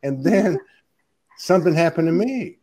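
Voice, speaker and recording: A man's voice: fairly high pitch, animated, moderate pace, mellow. A man co-hosting a casual conversation, laid-back and loose, saying "man" and "you know" and acting out little quotes.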